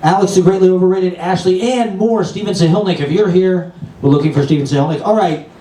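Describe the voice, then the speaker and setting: A man's voice: high voice, fast, dark tone. A man hosting an open mic, hyping up the crowd as he brings comedians on and off. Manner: hyped, cheering up the crowd. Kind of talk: emcee introductions. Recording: echoey room, distant mic, faint ambience.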